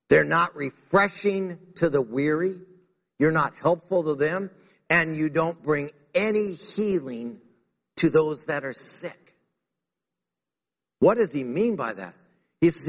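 A man preaching a sermon to a church congregation in an animated way, acting out the words he quotes. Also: a little high, creaky. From United States. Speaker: pastor. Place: church sanctuary. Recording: reverberant hall.

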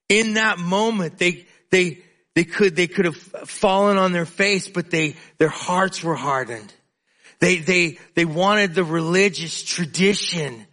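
A man's voice: high-pitched, slow, pushed and bright. A male preacher giving an earnest, emphatic sermon, often repeating words as he builds his points.

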